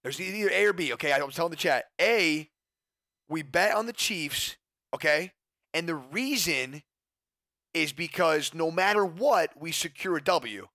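A young man chatting casually and excitedly with his livestream chat, swearing often and breaking off to talk to people in the room. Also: fairly high pitch, measured pace, no room sound, clean studio sound. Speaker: streamer.

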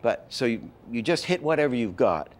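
An older man gives an animation lesson in a mid-range voice. He tells lively stories from his work, often breaks off to act out a line, and restarts his sentences as he goes. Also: mid-range voice, normal speed. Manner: lively storyteller, acts out lines, many restarts. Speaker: animation teacher. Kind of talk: lecture with acted-out examples.

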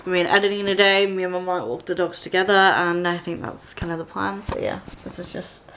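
A woman in her twenties with an English accent, chatting casually to her camera at home as a vlogger, soft-spoken and rambling with lots of fillers. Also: fairly low pitch, flat delivery, a little fast, a little hiss or hum. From England. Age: 20s. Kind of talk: casual vlog chat. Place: at home, indoors. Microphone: handheld compact camera.

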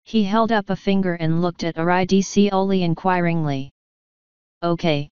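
A woman's voice: lowish voice, steady tone, normal speed, smooth, no room sound, highs cut off. A woman narrating an audiobook, reading every character herself with small shifts of voice. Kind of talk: scripted narration.

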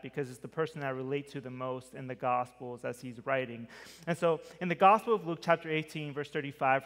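A man preaching a sermon as a pastor, in a conversational style with lively emphasis. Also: medium pitch, long reverb tail. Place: church sanctuary.

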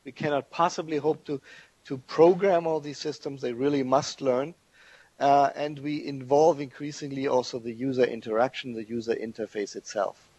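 Husky-voiced male lecturer. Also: medium pitch, steady tone, moderate pace, a little mellow, dry recording, low-quality recording. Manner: thoughtful, restarts words, explains step by step. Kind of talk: academic lecture.

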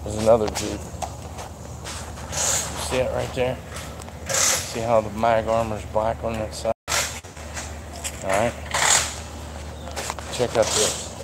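A man's voice: on the low side, level tone, slow, pauses often. Rambling man on a noisy lot. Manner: rambling, folksy, drops mild swears. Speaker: vlogger. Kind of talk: casual walkaround vlog. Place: outdoors at a car dealership lot. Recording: outdoor traffic noise behind.

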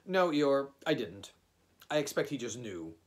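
A man reading aloud, voicing a small, timid young male piglet with a high, nervous and hesitant voice. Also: very animated, unhurried. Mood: earnest.

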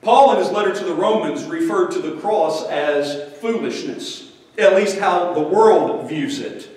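A man delivers a sermon in a high voice, measured and earnest as he reads scripture. He stands away from the microphone, and the church hall around him rings with heavy echo. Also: a little mellow. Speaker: preacher. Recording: echoey hall, far from the mic.

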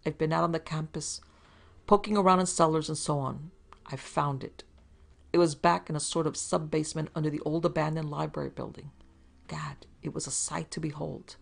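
Woman doing a brisk amiable detective. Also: sits low, steady tone, gravelly, exaggerated voice. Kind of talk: storybook reading.

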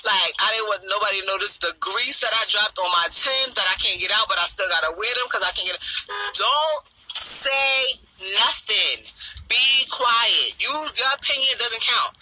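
A middle-aged woman with a deep voice, ranting bluntly and profanely on a talk show panel, firing off mocking repeated questions. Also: sharp tone, slightly rough, low-quality recording. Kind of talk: casual chat, ranting.

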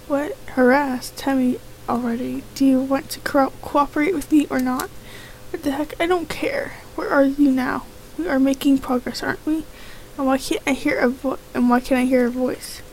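Woman, let's play commentary, high voice, reads lines aloud, faint background hiss. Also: steady tone, normal speed, a little mellow, rough recording. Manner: reads each character's lines in her own voice, reacts with exclamations. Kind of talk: reading game dialogue aloud with commentary.

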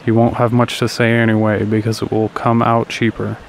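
An old, frightened husband from a storybook reading, low and flat in tone, agitated under the surface, as a man reads him in his own voice. Faint noise sits behind the voice. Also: a little fast, creaky, low-quality recording. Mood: excited.

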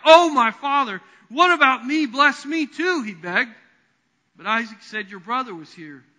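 Guy preaching in a big echoey church, high bright voice, tells the story with lots of life. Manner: animated storytelling preacher, voices Bible figures. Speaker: pastor. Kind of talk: sermon. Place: church sanctuary. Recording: long reverb of a church hall.

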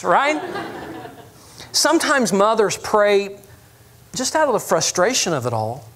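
A pastor preaching a sermon. He tells his stories with self-deprecating humor and keeps turning to the congregation with quick asides. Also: very high voice, lively intonation, fairly bright tone. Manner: storytelling with audience asides.

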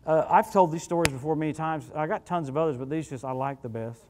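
A male guest preacher with a fairly high voice tells stories from the pulpit. He is animated and chatty, throwing quick asides to the congregation. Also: noisy background. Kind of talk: storytelling sermon. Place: church service.

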